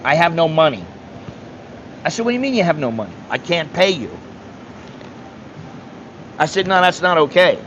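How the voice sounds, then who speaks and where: A man's voice: on the high side, sing-song, moderate pace, pauses often, fairly bright tone. A man from the United States telling travel stories in a casual monologue, blunt and swearing, acting out the people he talks to. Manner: blunt, swearing, acts out dialogue. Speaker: travel vlogger. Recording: dull lo-fi sound with faint hum.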